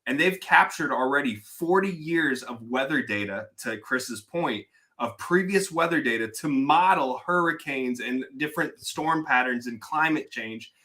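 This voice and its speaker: A man guesting on a podcast who chats casually and explains things eagerly in quick bursts. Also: mid-range voice, animated, sharp tone. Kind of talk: casual chat.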